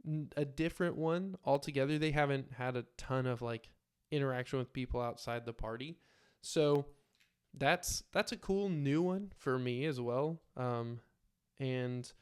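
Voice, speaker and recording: A man narrating his own solo tabletop game and talking to viewers in a relaxed, filler-filled way. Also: medium pitch, clean tone. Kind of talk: casual solo role-play narration.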